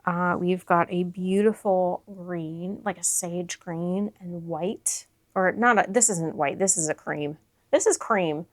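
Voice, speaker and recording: Woman host, excitable unboxing vlogger, unhurried delivery, dry close-mic sound. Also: on the low side, dry recording. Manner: gushing, breathless excitement with whispered asides. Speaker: crochet channel host.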